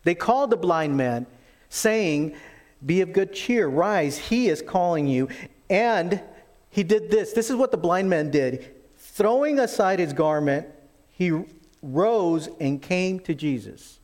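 A man preaching a sermon, animated in his storytelling and acting out the quoted voices. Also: sits high, slow pace. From lived in Texas. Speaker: pastor.

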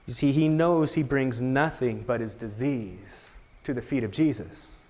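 A man's voice: mid-range voice, a little slow, few pauses, in a large hall. A man preaching a sermon, emphatic, with rhetorical questions. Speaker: pastor.

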